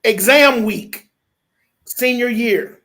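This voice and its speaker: A man, a pastor interviewed as a guest, telling a personal story in a lively conversational way and often checking in with "okay?". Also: very high voice, very slow. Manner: animated storyteller, repeats "okay?" for emphasis; switches into lively voices when quoting people.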